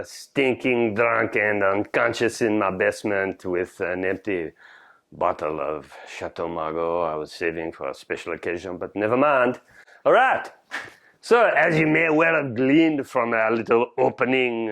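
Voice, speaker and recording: A middle-aged man hosts a comic cooking lesson as an excitable, theatrical French home chef, speaking in a mid-range voice. His French accent is muddled with Australian, and he tags his lines with "huh?" and "all right?".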